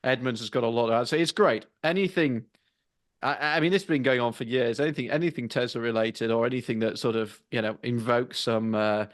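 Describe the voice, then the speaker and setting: A man's voice: mid-range voice, fairly quick, no echo, studio quality. Wry man in casual podcast chat. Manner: wry, self-mocking, with many restarts. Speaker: car podcast co-host.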